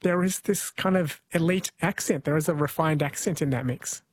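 A host chatting casually and asking a guest questions in a relaxed way. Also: medium pitch, moderate pace, slight background noise. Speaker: radio host. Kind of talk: casual interview chat.

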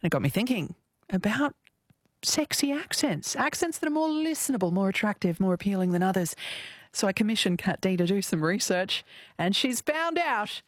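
A woman's voice: mid-range voice, very animated, normal speed, dry recording, clean studio sound. A woman hosting a radio show, chatting playfully and laughing often. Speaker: radio host. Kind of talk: casual radio chat.

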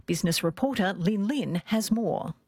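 A woman with an Australian accent reading a radio news bulletin in a crisp, measured way. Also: medium pitch, expressive, darkish tone, dry recording. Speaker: newsreader. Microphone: studio microphone, dry.

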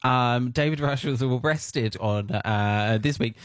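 A man from the United Kingdom co-hosting a casual news chat, animated and giggly with quick asides. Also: medium pitch, no room sound, studio quality. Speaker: co-host.

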